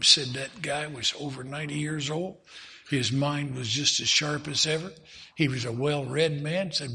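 Male preacher, sermon storytelling, folksy and animated, gravelly edge. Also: fairly high pitch, moderate pace. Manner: folksy, animated, retells with many quotes.

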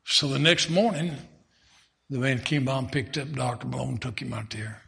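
Male preacher, sermon storytelling, folksy and animated, gravelly edge. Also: medium pitch, normal speed. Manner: folksy, animated, retells with many quotes.

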